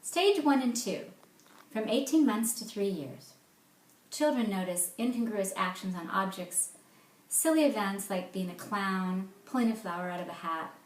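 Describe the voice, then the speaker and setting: A woman giving an explanatory presentation as a therapist, reading jokes aloud with lively, playful emphasis. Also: medium pitch, moderate pace, reverberant.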